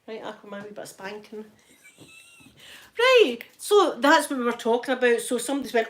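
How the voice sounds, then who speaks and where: A woman's voice: fairly high pitch, lively intonation, brisk. A Scottish woman chatting casually to her viewers at home, talking freely and laughing often. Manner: chatty, laughs often, addresses chat by name. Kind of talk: casual live-stream chat while ironing.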